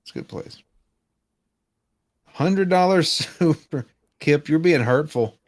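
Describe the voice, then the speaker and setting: A man's voice: on the high side, lively intonation, takes it slowly, dry recording. A man co-hosting a casual livestream chat, rambling, interrupting himself and swearing casually. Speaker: co-host.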